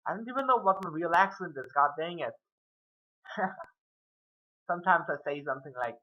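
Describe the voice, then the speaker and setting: A man's voice: fairly high pitch, lively intonation, moderate pace, long pauses, lo-fi sound. A man giving a casual whiteboard math lesson, rambling and muttering self-mocking asides as he works through the steps. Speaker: math tutor.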